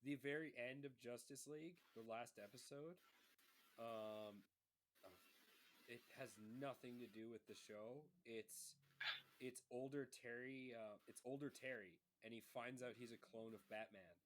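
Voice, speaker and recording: A young man chatting casually as a co-host, excitable and quick to gush about shows he loves. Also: medium pitch. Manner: chatty, excitable fan talk. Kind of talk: casual chat. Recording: faint background noise.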